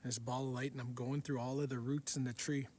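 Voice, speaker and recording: A man telling the story of a vivid dream in an unhurried, repetitive way, often going back over the same words. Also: mid-range voice, flat delivery, darkish tone, slight background noise. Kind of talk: recounting a dream.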